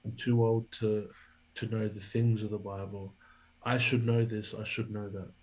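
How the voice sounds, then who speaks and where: A man's voice: on the low side, flat delivery, moderate pace, darkish tone, slightly rough, rough recording. A man, a guest in an interview, telling a story and acting out the dialogue he quotes. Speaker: podcast guest, former rugby league player.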